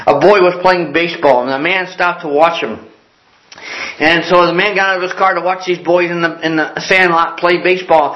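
A man's voice: a little high, steady tone, moderate pace. A man preaching a sermon in an earnest, storytelling way, repeating key lines for emphasis. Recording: echoey, dull lo-fi sound.

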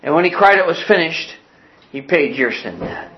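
A man preaching a sermon with passion, dropping to a hush and then soaring and crying out. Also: on the high side, animated, normal speed, muffled recording. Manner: impassioned, swinging from hushed to soaring.

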